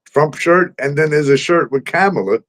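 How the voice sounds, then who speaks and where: A man's voice: a little high, normal speed, fairly bright tone. Laughing, profane storytelling man. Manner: storytelling, laughs often, swears freely. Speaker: host. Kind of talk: casual chat. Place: home.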